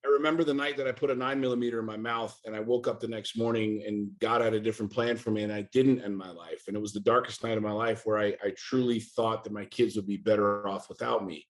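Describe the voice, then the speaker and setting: Speaking fast with hardly a pause, this middle-aged American man has a fairly low voice and fairly even intonation. He's a podcast guest in a candid interview, talking intensely, cursing often, and throwing out rhetorical questions.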